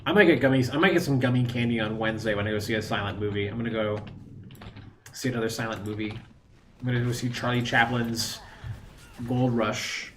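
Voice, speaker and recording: A man's voice: medium pitch, steady tone, fairly quick, a bit bright, a little hiss or hum. Male streamer, mid-range voice, rambling casual chatter with sarcastic jabs. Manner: rambling, chatty, mocking asides. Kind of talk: casual gaming stream chat.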